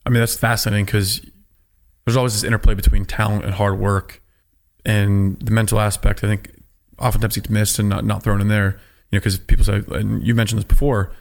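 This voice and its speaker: A man hosts a casual interview, his voice low and gravelly. He speaks in a flat, even tone and asks short follow-up questions in a relaxed way. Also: fairly quick. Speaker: host, orthopedic surgeon.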